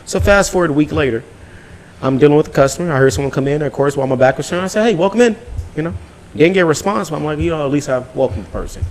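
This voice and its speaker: Male podcast host, rapid and animated, profane, slightly high voice. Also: slight background noise. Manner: animated, profane, acts out dialogue. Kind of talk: casual storytelling.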